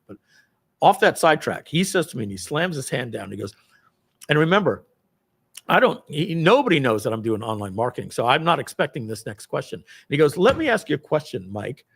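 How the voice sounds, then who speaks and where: With a breathy edge to his medium-pitched voice, a middle-aged man shares a personal story with an audience. He voices the people involved loudly, swears lightly, and drifts into plenty of casual asides.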